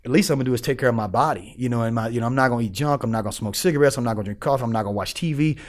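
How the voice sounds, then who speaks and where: Podcast guest, male, rapid-fire animated storyteller who uses street slang and acts out voices. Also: medium pitch. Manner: animated, acts out the people he quotes.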